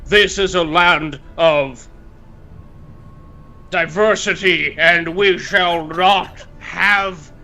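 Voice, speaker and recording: A man's voice: high-pitched, drawn-out words, sharp tone, full character voice. A man voicing a boastful moose-man syrup mage in a put-on Canadian accent, making pompous speeches.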